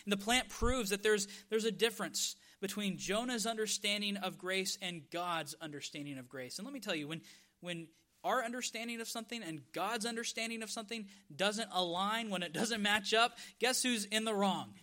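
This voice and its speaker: A man's voice: sits high, bright, forceful tone. Emphatic preacher man. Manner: emphatic preaching, stretches key words slowly for stress. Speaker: pastor. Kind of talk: sermon.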